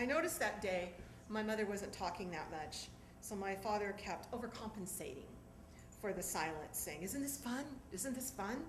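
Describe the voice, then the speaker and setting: A middle-aged woman from Southern California performing a one-woman stage monologue, animated and acting out voices. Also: fairly low pitch. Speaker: storyteller performer. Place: theatre stage. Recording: echoey theatre with background noise.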